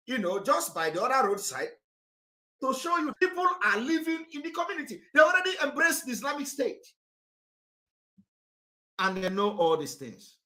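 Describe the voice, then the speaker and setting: Nigerian male activist, impassioned address, very animated delivery. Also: high-pitched. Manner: fiery, repetitive, rises to shouting. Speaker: political activist.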